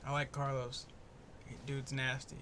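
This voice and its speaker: A man's voice: medium pitch, monotone, measured pace, a bit bright, a little hiss or hum. A young man hosting his own podcast, talking in a laid-back, profane, rambling and jokey way. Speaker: podcast host. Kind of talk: casual solo fight-prediction podcast. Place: home in the US East Coast.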